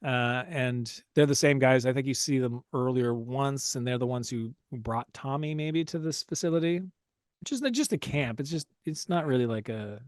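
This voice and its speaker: A man's voice: medium pitch, moderate pace, no echo, clean studio sound. A man hosting a casual movie-recap podcast, telling the story with lots of energy and frequent laughter. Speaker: podcast host.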